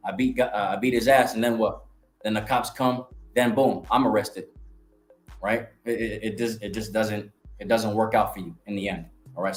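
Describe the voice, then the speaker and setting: A man giving a casual preaching testimony from his ministry, reading scripture aloud. He talks bluntly, swears, and keeps checking in with "all right?". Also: lowish voice. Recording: roomy echo, faint music behind.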